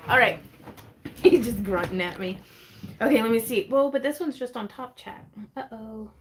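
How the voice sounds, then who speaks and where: A woman's voice: a little high, normal speed, a little hiss or hum. Bubbly, giggly woman hosting a craft livestream. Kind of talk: casual livestream chat, reading viewer comments.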